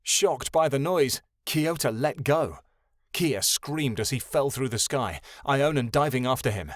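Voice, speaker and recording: A man narrating a fantasy audiobook in a calm, even storytelling voice. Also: medium pitch, measured pace, no room sound, studio quality.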